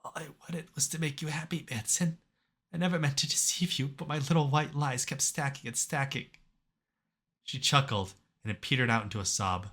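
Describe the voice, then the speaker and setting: A man voicing a tired, motherly young woman who pleads softly and apologetically in a visual novel. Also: lowish voice, fairly quick, hardly any pauses. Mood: weak, tearful. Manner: soft, breaking, apologetic.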